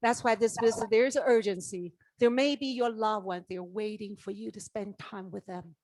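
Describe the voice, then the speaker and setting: Middle-aged woman, animated motivational speaker on a stage mic, dry sound. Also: mid-range voice, normal speed, dry recording. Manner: animated storytelling, acts out dialogue, asks the audience questions. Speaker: network marketing leader giving a keynote. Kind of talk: motivational speech. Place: conference stage.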